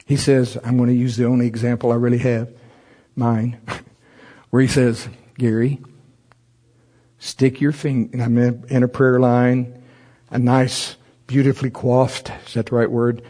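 Male preacher, husky voice, comic storyteller, chuckles often, loud high bursts when acting out his thoughts. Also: monotone, normal speed. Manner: chuckles often while telling stories. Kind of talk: humorous storytelling sermon.

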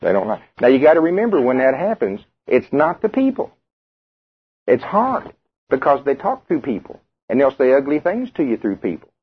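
A man's voice: mid-range voice, big pitch swings, normal speed, breathy edge. A man preaching a sermon, talking conversationally and putting questions to the congregation. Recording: tinny radio broadcast.

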